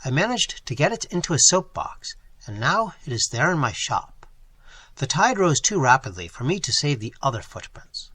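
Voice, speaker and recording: Male narrator as a mild, scholarly old professor for a storybook reading; dry, bright tone. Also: on the high side, breathy edge, dry recording, full character voice. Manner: gentle, lecturing, mildly teasing. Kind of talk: audiobook character voice.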